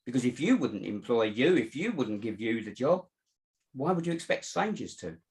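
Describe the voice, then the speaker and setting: A man's voice: mid-range voice, very animated, normal speed. A man, a mindset coach, giving earnest advice in a casual chat and often saying "you know". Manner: earnest, advising, many "you know" fillers.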